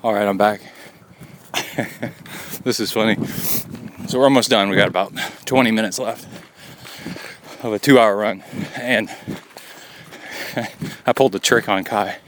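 A man's voice: fairly low pitch, measured pace, long pauses. A middle-aged man, a podcast host, recording himself on a forest trail and telling a story in a rambling, chuckling way. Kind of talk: casual on-the-go recording. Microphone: handheld recorder carried on a run. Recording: outdoor field recording with steady noise.

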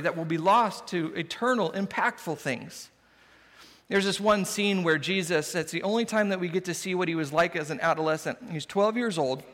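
High-voiced pastor in an echoing hall. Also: male voice, a bit bright. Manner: conversational, humorous. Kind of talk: sermon. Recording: long hall reverb.

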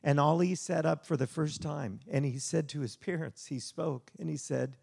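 Gravelly-voiced man preaching a sermon. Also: on the high side, normal speed, few pauses. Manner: storytelling, animated and conversational. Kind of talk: sermon with slide show.

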